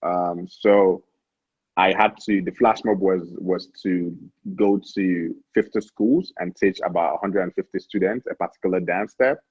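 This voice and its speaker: A man's voice: low voice, measured pace, husky, no echo, lo-fi sound. A young Nigerian man, a founder and interview guest, telling stories animatedly with many restarts. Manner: animated, lots of restarts and stammered repeats. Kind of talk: casual interview storytelling.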